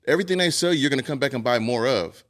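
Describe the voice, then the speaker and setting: A blunt man talks quickly and explains things matter-of-factly during a casual podcast chat. His voice sits at a mid pitch. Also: lively intonation, a bit bright.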